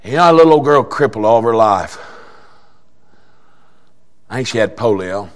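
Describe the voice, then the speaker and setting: A man preaching a sermon, telling a story in a folksy way that swings between quiet talk and shouted exhortation. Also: on the low side, expressive, moderate pace.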